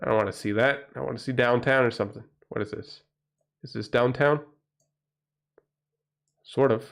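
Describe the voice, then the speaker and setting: A man's voice: mid-range voice, steady tone, normal speed, creaky. A man from Portugal with a Portuguese accent, a livestream host in a rambling, profane, casual chat who often breaks into exclamations.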